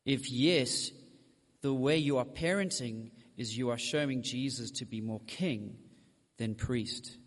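A man's voice: mid-range voice, slow pace, long reverb tail. A man preaching a sermon, speaking straight to his congregation with frank asides. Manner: direct, addresses the congregation with asides.

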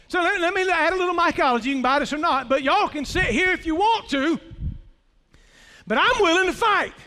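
A man preaching an animated, folksy sermon, telling the story with loud outbursts. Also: very high voice, a little fast. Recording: reverberant hall.

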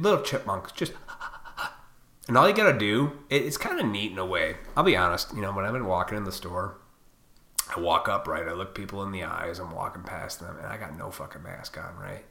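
A man's voice: mid-range voice, sharp tone. A man hosting his own podcast, ranting profanely and combatively, now and then mocking other people in put-on voices. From Illinois. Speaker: podcast host.

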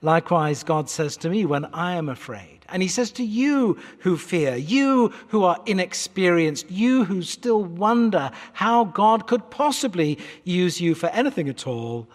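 A British man in his fifties delivers a sermon from the pulpit in a fairly high, very animated voice. He is articulate and earnest, slipping in wry asides. His words echo through a large church hall. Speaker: pastor.

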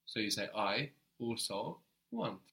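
A man teaching a one-on-one language lesson, explaining patiently and often checking with a quick question. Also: fairly low pitch, lively intonation, creaky, pushed and bright.

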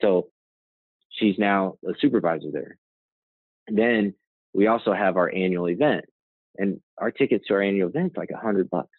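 With a voice that sits low, a moderate pace, and long pauses, a man tells a story as a guest. He co-founded and runs a nonprofit as CEO, and his conversational rambling is dotted with "right?" and "you know," heard on a dry, tinny phone-like line with no echo.

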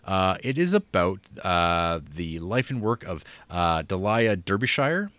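A man's voice: low voice, sing-song, measured pace, a bit bright, smooth, dry recording. A man co-hosting a podcast, chatting casually and rambling with many fillers and restarts. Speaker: podcast co-host. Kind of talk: casual chat.

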